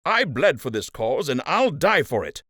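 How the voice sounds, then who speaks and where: A man voicing an angry, surly male rabbit soldier captain who speaks coldly and shouts. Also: medium pitch, very animated, normal speed, no room sound, clean studio sound, pitched above the performer's own voice. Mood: furious. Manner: cold, seething, shouting.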